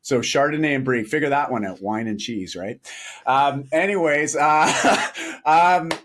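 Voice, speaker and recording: A middle-aged man telling a personal story as a podcast guest, animated, laughing often and acting out quoted dialogue. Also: mid-range voice, measured pace. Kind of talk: storytelling in a casual interview.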